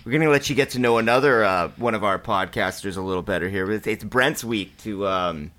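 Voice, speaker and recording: A man hosting a casual podcast through a phone headphone mic, teasing and quick to laugh. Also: fairly low pitch, fairly bright tone. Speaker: podcast host.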